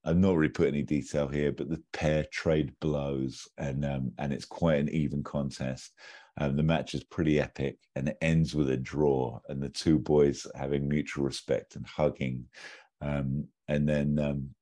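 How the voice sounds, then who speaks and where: A podcast co-host talks in a loose, rambling way and laughs often. His voice is extremely deep. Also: little pitch movement, normal speed, mellow. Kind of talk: casual chat.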